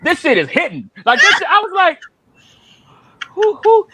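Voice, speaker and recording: A man co-hosting a casual talk show, animated and laughing often as he acts out quotes. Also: very high voice, quick pace, no echo. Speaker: podcast co-host. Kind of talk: casual chat.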